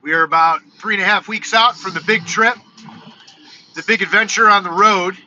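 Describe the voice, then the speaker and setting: A man in his forties talking casually in a live vlog from his car, telling stories in an animated, ranting way. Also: sits high, moderate pace, slight background noise. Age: 40s. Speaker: vlogger. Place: in a car on the road. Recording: dull lo-fi car recording with music. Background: techno music playing.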